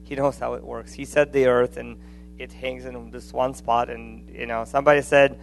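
Gravelly conversational male preacher. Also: medium pitch, normal speed, faint music behind. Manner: conversational, animated, frequent restarts and asides. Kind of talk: sermon.

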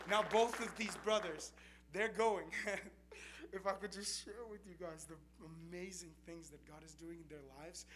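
Earnest young male preacher, noisy recording. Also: high voice. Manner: earnest storytelling testimony. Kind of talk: sermon. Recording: noisy recording with steady background noise.

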